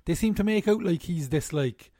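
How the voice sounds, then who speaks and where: A man's voice: high-pitched, lively intonation, normal speed, mellow, no echo, clean studio sound. A man co-hosting a podcast, chatting casually and jokily about a reality show, opinionated and casually swearing. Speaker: podcast co-host.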